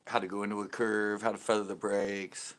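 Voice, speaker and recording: A man's voice: lowish voice, level tone, fairly quick. A middle-aged man hosting a live stream, chatting casually, laughing often and swearing lightly.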